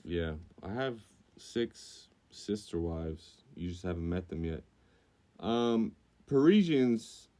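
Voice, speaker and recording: A man's voice: lowish voice, mellow. A man co-hosting a podcast, reading news items and riffing on them, loose and profane. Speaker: podcast co-host.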